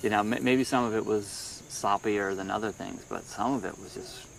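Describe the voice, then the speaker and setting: Brief: young male musician, low-pitched, rambling and halting, casual podcast chat. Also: gravelly, noisy background. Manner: rambling, halting, many restarts.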